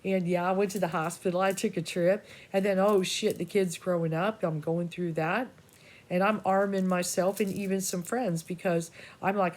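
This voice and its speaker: A woman with a lowish, steady, slightly mellow voice speaks at a normal speed. She's a psychic reader addressing her viewers in a casual, rambling personal monologue, swearing freely. Her delivery is scattered, with frequent restarts and asides.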